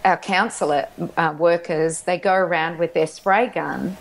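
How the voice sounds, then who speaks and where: A woman's voice: fairly low pitch, fairly even intonation, measured pace, vocal fry. A middle-aged woman, a documentary filmmaker chatting in an interview, telling stories eagerly and restarting her sentences often. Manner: enthusiastic, rambling storytelling with restarts. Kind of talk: casual interview chat.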